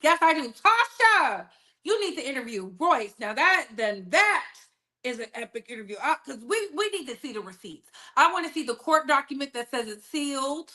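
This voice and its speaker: A sassy, blunt woman hosts a live-stream gossip show and speaks straight to her chat. Her voice sits high and sounds bright and forceful. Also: very animated, normal speed. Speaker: online commentary host.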